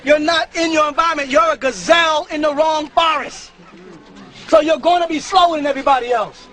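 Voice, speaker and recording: A man preaching to a live congregation, emphatic and often breaking into shouts, with chuckles at his own points. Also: very high-pitched, brisk. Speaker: religious teacher addressing a congregation. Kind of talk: live sermon-style lecture. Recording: live talk with audience murmurs.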